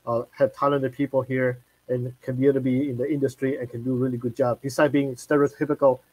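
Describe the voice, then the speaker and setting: Halting male live-stream host, dry sound. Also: mid-range voice, level tone, a little mellow, no echo, rough recording. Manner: halting, many fillers and restarts.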